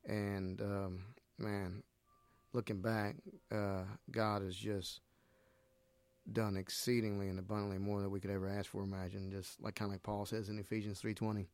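A man's voice: lowish voice, little pitch movement, moderate pace, a little mellow, no room sound. A middle-aged man from Nicaragua, a missionary guest, talking earnestly about his faith and retelling scripture stories with animation. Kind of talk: casual faith conversation.

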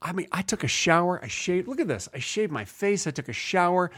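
A man's voice: high voice, very animated, fairly quick, a bit bright, breathy edge, no room sound, studio quality. A man co-hosting a comedy podcast in casual chat, joking with a playful, mock-indignant manner. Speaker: podcast co-host.

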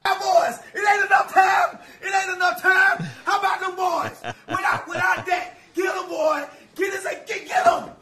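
A man playing a loud, boastful football fan who collects his bets and taunts the losers in a comedy sketch. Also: extremely high pitch, fairly even intonation, normal speed, hardly any pauses, over a noisy crowd, very noisy. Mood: gloating. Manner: shouting, gloating, teasing.

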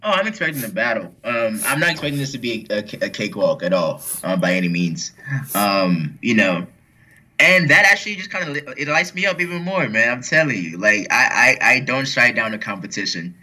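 A man's voice: mid-range voice, fairly quick, bright, forceful tone, low-quality recording. A man speaking as a guest athlete in a casual interview, rambling with many fillers and restarts. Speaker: powerlifter guest.

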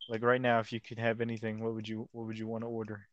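A man's voice: on the low side, completely flat delivery, fast talker, dull audio. A young man co-hosting a casual podcast chat, rambling in slang, stumbling over words and acting out quotes. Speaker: podcast co-host.

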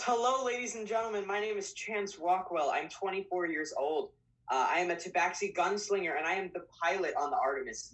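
A man's voice: a little high, fairly bright tone, natural voice. A man playing a young cat-folk pilot who talks eagerly, with lots of fillers, over a video call. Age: 20s. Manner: eager, chatty, full of fillers. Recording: distant video-call audio.

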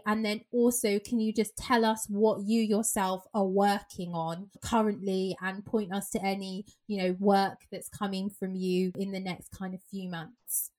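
A woman's voice: mid-range voice, darkish tone. A woman hosting a podcast, asking questions in a thoughtful, conversational way. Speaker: podcast host. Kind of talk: casual conversation.

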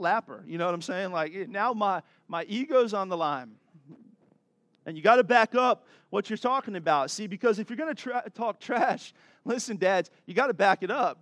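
A man's voice: sits high, no echo. A middle-aged man preaching a sermon, telling stories with energy and speaking straight to his listeners. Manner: animated storytelling, addresses the crowd directly. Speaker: pastor.

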